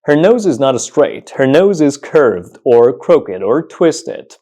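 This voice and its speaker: Man, English pronunciation teacher, animated delivery that repeats each word carefully. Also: mid-range voice. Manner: repeats example words slowly and clearly. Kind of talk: pronunciation lesson.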